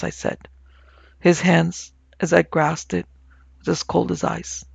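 A man narrating a ghost story for an audiobook in a measured, even-toned way. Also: fairly high pitch, gravelly, breathy edge, dry recording, muffled recording. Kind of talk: scripted narration.

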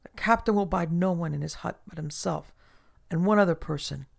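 A man's voice: fairly high pitch, a little fast, gravelly. A man voicing a surly old castaway. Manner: surly, terse, archaic.

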